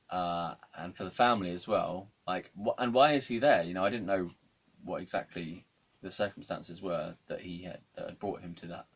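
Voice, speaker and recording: A man with a lowish voice tells a story in loose, casual chat. He rambles, restarts his sentences and fills the gaps with "um" and "like.". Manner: rambling, many fillers and restarts.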